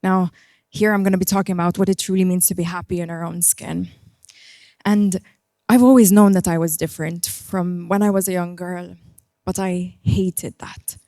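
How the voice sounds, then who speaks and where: A woman's voice: lowish voice, dark tone, no echo, clean studio sound. A woman giving a personal keynote talk as a coach, speaking in an earnest, reflective way and guiding the audience through breathing.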